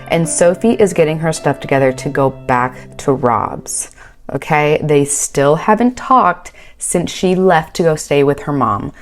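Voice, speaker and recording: A woman casually recapping a reality show, chatty and wry, with a home mic. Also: sits low. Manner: chatty, wry, quotes people in bouncy voices. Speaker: recap commentator. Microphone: home recording mic.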